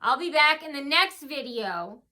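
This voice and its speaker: Woman vlogger, high bright voice, rambling tearful storytelling to camera. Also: animated, a little slow. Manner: rambling, many fillers and restarts, mimics shouts. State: tearful, face swollen from crying.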